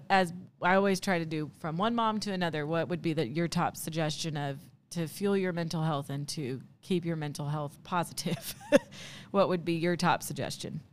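Woman, podcast host, chatty, laughs a lot, lowish voice, casual interview talk. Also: slight background noise. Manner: chatty, laughs often, trails into restarts.

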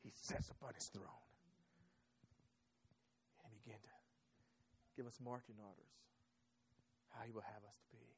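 A man preaching a sermon, telling a personal story in an animated, conversational way. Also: lowish voice, normal speed, long pauses. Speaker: pastor.

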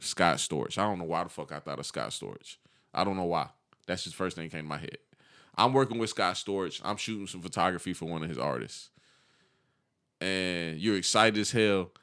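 A man's voice: low-pitched, brisk. A young man co-hosting a casual podcast, telling stories in slang and acting out what other people say. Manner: animated, slangy storytelling with acted-out quotes. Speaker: podcast co-host.

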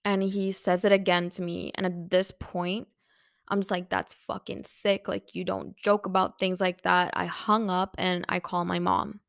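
A woman's voice: fairly low pitch, level tone, normal speed, vocal fry, fairly bright tone, no echo, clean studio sound. A young woman hosting a podcast and telling a personal, emotional story, using lots of filler words. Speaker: podcast host.

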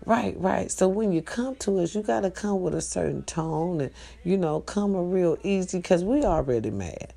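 Woman, gravelly, dark-toned, blunt profane vlogger. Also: on the low side, normal speed. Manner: profane, blunt, animated preaching. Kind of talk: casual advice rant to viewers.

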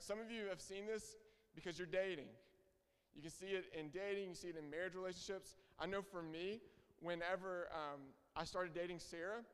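Young man, preacher, sermon, high smooth voice, emphatic, hall echo. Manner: earnest, emphatic, repeats key phrases. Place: church hall. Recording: reverberant hall.

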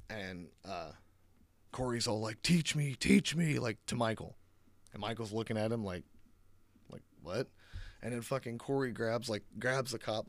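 A man's voice: lowish voice, dry recording. A man giving a casual, rambling movie recap, swearing often, sarcastic and full of fillers, on a close mic. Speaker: movie reviewer.

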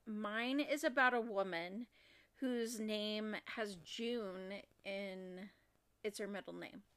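A young woman from Oregon co-hosting a casual true-crime podcast, talking in a halting way with many fillers and restarts. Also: medium pitch, a bit bright, clear, resonant tone. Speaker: podcast co-host.

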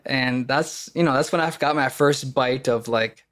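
A man's voice: mid-range voice, moderate pace, fairly bright tone. A young man from the US Midwest, an actor talking casually as a podcast guest, rambling with many fillers and restarts. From Kenosha, Wisconsin, US Midwest. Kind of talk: casual conversation.

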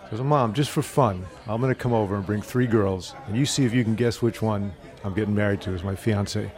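A man telling a joke and acting out the characters' voices, including a shrill mother. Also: brisk, darkish tone, some chatter behind.

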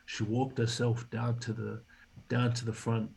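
Husky man telling a story. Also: medium pitch, unhurried, low-quality recording. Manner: animated storyteller, acts out quoted dialogue. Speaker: podcast guest, former rugby league player. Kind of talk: casual storytelling in an interview.

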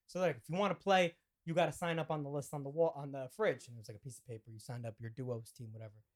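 A man's voice: mid-range voice, fairly even intonation, fast. A young man co-hosting a podcast, telling a story casually, acting out the quoted lines, laughing and swearing as he goes. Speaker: podcast co-host.

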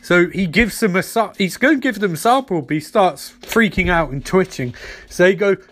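A man's voice: high voice, expressive, normal speed, fairly bright tone. A man giving a sarcastic comedic recap of a TV episode, slipping into silly voices.

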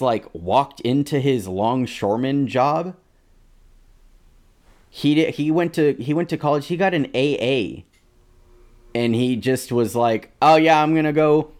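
A man in his thirties co-hosting a podcast, talking in a casual, rambling way with halting restarts. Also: medium pitch, darkish tone. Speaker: podcast co-host.

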